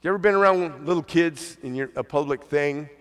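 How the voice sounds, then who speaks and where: A man's voice: on the high side, a little fast, smooth, in a large hall. A man preaching a conversational sermon as pastor, now and then acting out the voices of the people he quotes.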